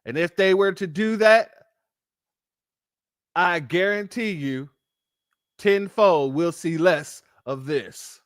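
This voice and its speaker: A fairly high-voiced man hosts a commentary show, indignant and insistent as he talks straight to his audience, whom he calls family. The sound is close and dry, with no room around it. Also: slow, pauses often, clean tone, no echo. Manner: addresses listeners as family, indignant. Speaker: host.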